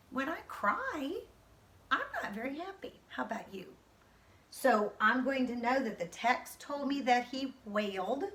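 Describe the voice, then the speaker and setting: A woman's voice: on the high side, fairly bright tone. A young woman teacher reading a storybook aloud with expression, then explaining it to young pupils. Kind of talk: recorded reading lesson for children.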